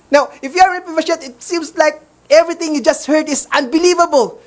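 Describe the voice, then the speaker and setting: High-voiced woman preaching. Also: fast. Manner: calls listeners brethren, keeps checking in with okay. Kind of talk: sermon.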